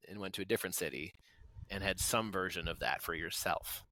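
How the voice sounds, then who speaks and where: A man's voice: low-pitched, a little fast, pushed and bright. A man hosting a podcast interview, asking reflective, probing questions. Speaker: podcast host. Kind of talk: conversational interview.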